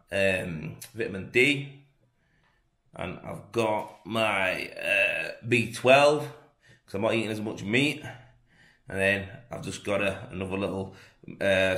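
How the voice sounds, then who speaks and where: A man's voice: lowish voice, bright, forceful tone. A man, a plasterer chatting casually and rambling through his day for a vlog. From England. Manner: chatty, rambling, plain-spoken. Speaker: plasterer vlogging his workday. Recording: echoey room sound.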